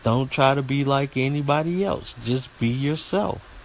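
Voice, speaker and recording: A man's voice: medium pitch, a little slow, slight background noise, low-quality recording. A man from the southeast United States with a Southern country accent, hosting a casual solo podcast in a folksy way that sometimes stumbles over words. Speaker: podcast host.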